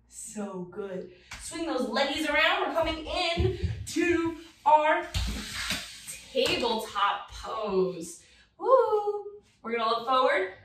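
A woman's voice: high-pitched, very animated, slow pace, long pauses, noisy background. A young woman teaching a children's yoga class, playful and sing-song, encouraging the kids. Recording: very echoey room, voice from a distance.

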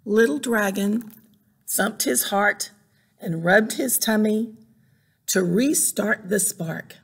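Library storytime reader, woman: unhurried, gravelly, lively with kids and sound effects. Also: mid-range voice. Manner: animated, exclaiming, makes sound effects. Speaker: children's librarian. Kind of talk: picture-book read-aloud for children.

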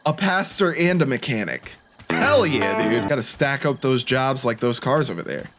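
A young man gives excitable let's-play commentary, joking at his own expense. His pitch swings widely and soft music plays faintly underneath. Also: moderate pace. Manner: joking, self-deprecating, excitable. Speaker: gaming YouTuber.

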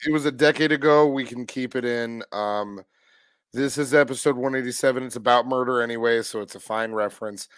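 A man's voice: medium pitch, fairly even intonation, fairly quick, smooth, no echo, studio quality. A man co-hosting a podcast, chatting with wry, laid-back banter. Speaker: podcast co-host. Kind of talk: casual chat.

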